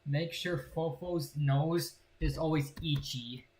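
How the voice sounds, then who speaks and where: A man's voice: a little high, steady tone, takes it slowly, a little mellow, a little hiss or hum. A young man in casual gameplay commentary, playful and rambling as he jokes about the characters on screen. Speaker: gaming channel host.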